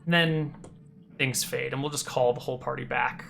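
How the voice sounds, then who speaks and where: Bright-voiced game master narrating a tabletop game. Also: medium pitch, steady tone, vocal fry, a little hiss or hum. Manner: casual, quick asides with fillers.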